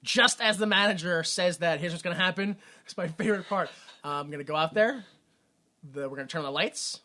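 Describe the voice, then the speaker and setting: A man with a bright, cutting tone recaps a movie on a podcast mic. He rambles and restarts as he goes, excited and loose, in casual chat. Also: high-pitched, brisk. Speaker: podcast host. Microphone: podcast microphone.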